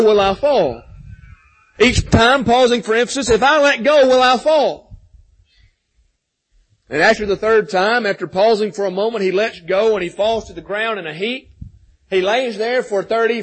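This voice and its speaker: A man with a notably high voice delivers a sermon in a folksy storytelling way. He often restarts his sentences and repeats words as he goes. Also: rough recording. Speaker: preacher.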